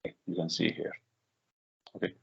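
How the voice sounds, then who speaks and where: A man leading a live software tutorial for a workshop, talking in halting bursts with many fillers, restarts and repeated "okay"s. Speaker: workshop instructor. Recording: dull lo-fi recording.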